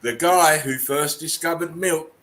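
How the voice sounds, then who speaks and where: A man's voice: fairly high pitch, a little slow. A man hosting his channel, reading memes aloud and reacting with chuckles and casual swearing. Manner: chuckling, banter-heavy, swears freely. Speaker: channel host. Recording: steady background hiss.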